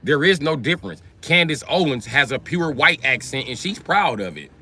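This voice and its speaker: An American man ranting on a casual livestream in African American Vernacular English, profane and brash, jumping between loud outbursts and low mutters. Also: expressive, moderate pace. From United States. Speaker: livestream host.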